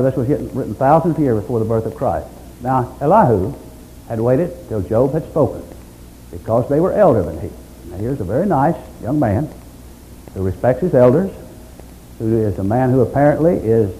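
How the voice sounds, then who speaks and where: A man preaching a sermon in a warm, mellow voice whose pitch swings widely. He is emphatic and builds his points through repeated parallel phrases, with faint noise behind him. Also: poor audio.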